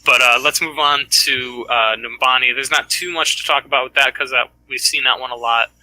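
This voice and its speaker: A man co-hosting a casual esports podcast, eager and excitable, leaning on "like" as he talks. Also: mid-range voice, fairly quick, low-quality recording. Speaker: co-host.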